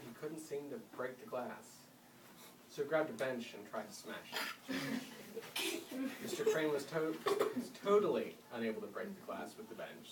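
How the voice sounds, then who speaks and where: A man reading a story aloud to school classes, lively with dramatic swells, recorded from across a roomy indoor space. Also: mid-range voice, very noisy. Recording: roomy room, mic far off.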